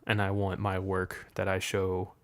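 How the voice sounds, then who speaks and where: A young man with a fairly low voice hosts a solo podcast. He rambles frankly and swears freely, and at times slips into improvised poetry. The sound is dry and close. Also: completely flat delivery, measured pace, no room sound. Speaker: podcast host. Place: room with a window open.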